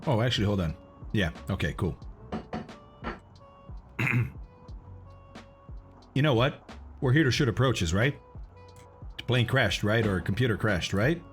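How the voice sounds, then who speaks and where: Slow-talking man streaming a flight sim. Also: on the low side, expressive, soft background music. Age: adult, has kids. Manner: explains instrument approaches while eating and answering chat; frequent throat clearing. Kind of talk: casual live-stream chat.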